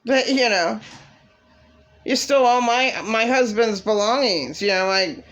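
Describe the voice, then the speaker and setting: A woman's voice: on the high side, measured pace, a bit bright. A woman rambling through an agitated, repetitive rant to camera in a vlog. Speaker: vlogger.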